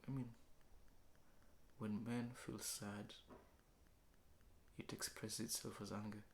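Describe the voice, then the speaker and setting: A man with a low voice speaks in a slow, reflective confessional monologue. He keeps slipping from quiet speech into a hushed whisper, recorded indoors in an apartment. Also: little pitch movement, gravelly, a little hiss or hum. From Kenya. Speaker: vlogger. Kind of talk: late-night confessional monologue.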